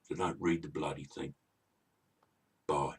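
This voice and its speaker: Low husky aussie bloke ranting through a fairy tale, kinda far off the mic. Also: male voice, level tone, measured pace. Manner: indignant, rambling, grumbling asides. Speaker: comic storyteller. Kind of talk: comic retelling of a fairy tale.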